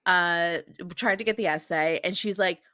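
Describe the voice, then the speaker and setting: A woman's voice: lowish voice, normal speed, bright, forceful tone, dry recording, clean studio sound. A woman co-hosting a podcast, casually recapping a TV episode in a blunt, sweary way and mimicking the characters. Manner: blunt, sweary, acts out characters in mocking voices. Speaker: podcast co-host.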